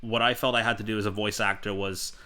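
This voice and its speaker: A young man hosts a casual podcast chat in a lowish voice with a bright, forceful tone. Speaking fast with level intonation, he rambles enthusiastically and stacks up fillers as he tells his stories.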